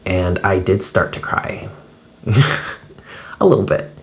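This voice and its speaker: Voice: low-pitched, slow pace, very noisy. A tarot card reader talking through a casual daily reading vlog in a rambling, chatty way, full of fillers and easily moved to emotion. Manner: gets emotional when telling a dream.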